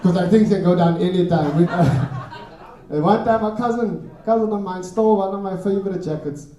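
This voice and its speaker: A young man from Africa's Cape Flats doing an animated stand-up set, telling stories and tagging lines with 'right?'. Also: sits high, moderate pace. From Cape Flats, South Africa. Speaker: stand-up comedian. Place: live comedy venue. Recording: echoey club, voice from far off.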